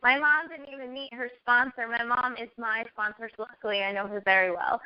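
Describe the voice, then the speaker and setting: A woman's voice: on the high side, fairly even intonation, a little fast. A young adult woman in a casual chat, earnestly telling a personal story and quoting herself along the way. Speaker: network marketing guest. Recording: dull lo-fi audio.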